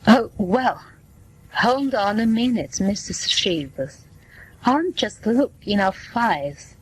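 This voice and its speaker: A woman's voice: medium pitch, animated, husky, low-quality recording. A woman reading as a polite clinic receptionist. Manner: slow, plain reading voice. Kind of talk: scripted dialogue for learners.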